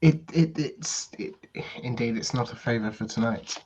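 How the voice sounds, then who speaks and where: A man voicing a smooth, schmoozing French hotel guest in a put-on thick French accent, halting and overly polite. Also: mid-range voice, a little mellow, slight background noise, close to an everyday voice. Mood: confiding.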